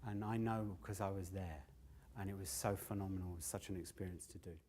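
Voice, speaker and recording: On stage, an older comedian and storyteller tells his tales fairly quickly in a low, steady, darkish voice. He's loose and sweary and frequently laughs at his own stories during this live standup set.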